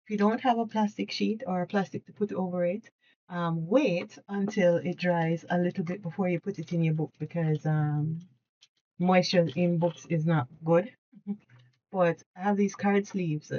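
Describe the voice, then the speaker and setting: A woman hosting a casual hands-on craft tutorial at her desk at home, chatty and excitable, laughing often and correcting herself mid-sentence. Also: fairly low pitch, muffled recording.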